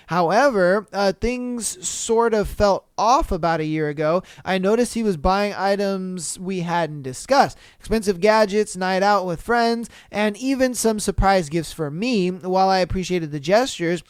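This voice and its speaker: Male podcast host with a smooth, high voice, blunt and profane, reading and reacting to listener stories. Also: no echo, clean studio sound. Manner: profane, blunt, repeats "you know what I mean". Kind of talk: blunt casual commentary and reading of listener posts.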